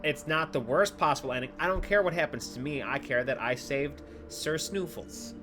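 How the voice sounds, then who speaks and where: A young man telling stories while playing a game, animated and swearing freely, with loud exclamations. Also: on the high side, moderate pace, over music. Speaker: gaming video host.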